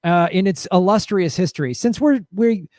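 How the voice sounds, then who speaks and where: A man's voice: sits high, lively intonation, normal speed, darkish tone, no room sound, clean studio sound. An American man co-hosting a political talk show, reading an article aloud with sarcastic mock cheer. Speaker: podcast co-host.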